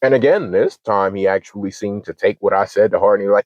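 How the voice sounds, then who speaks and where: A man's voice: lowish voice, fast talker, darkish tone, dry recording, dull audio. A man in his twenties telling a story as a channel host, heated and profane, acting out both sides of arguments. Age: 20s. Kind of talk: casual storytelling rant.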